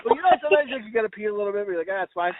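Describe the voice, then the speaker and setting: A man's voice: high voice, animated, racing, dry recording. A man hosting a casual comedy podcast, telling rambling, profane stories. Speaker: podcast host. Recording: tinny phone-like call audio.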